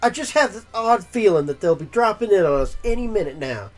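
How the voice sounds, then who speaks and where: A game streamer voicing a fussy, doting mole mother who talks in a high, fretful way. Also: expressive, a little fast, soft background music, natural voice.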